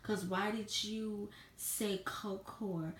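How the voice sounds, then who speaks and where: Woman vlogger, mid-pitched, blunt and profane, echoey room. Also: fairly even intonation, slow pace, slight background noise. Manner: blunt, heated, swears freely. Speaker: vlogger reviewing a reality show. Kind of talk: casual opinionated review.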